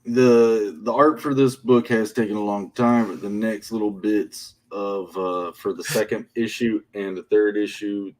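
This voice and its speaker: A man's voice: lowish voice, steady tone, measured pace, few pauses. A man hosting a game development livestream, chatting in a laid-back, upbeat way. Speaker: game developer and stream host. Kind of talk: casual livestream chat.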